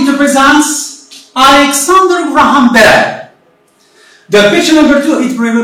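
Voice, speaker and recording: A woman teacher giving a remote English lesson, explaining slowly and deliberately and repeating herself often. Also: high-pitched, fairly bright tone. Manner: slow, deliberate explaining with frequent repetition. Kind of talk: recorded remote classroom lesson. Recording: very echoey room, voice far from the mic.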